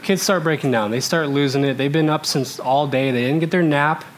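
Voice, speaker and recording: Telling a comic story to a live audience, the Alaskan man in his thirties talks a little fast in a fairly high voice. He's animated and keeps laughing, moving from loud bursts into hushed asides, with a bit of noise behind him.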